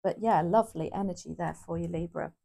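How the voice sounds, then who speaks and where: A woman with a lowish, gravelly voice chats her way through a tarot reading. She is casual and a little rambling, thinking aloud and correcting herself as she goes. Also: a little fast, mellow. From United Kingdom. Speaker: tarot reader.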